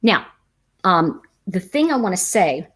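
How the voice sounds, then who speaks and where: A woman's voice: mid-range voice, big pitch swings, measured pace, fairly bright tone, slightly rough. A middle-aged woman hosting a live tarot chat, teaching casually and telling stories while reading viewer comments. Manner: chatty, storytelling, reads viewer comments aloud. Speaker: tarot teacher and livestream host.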